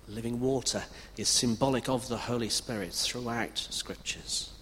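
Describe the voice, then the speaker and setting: A man preaching a sermon with emphatic delivery. He swings from loud declarations to hushed passages. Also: medium pitch, moderate pace, few pauses. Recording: reverberant hall with faint background noise.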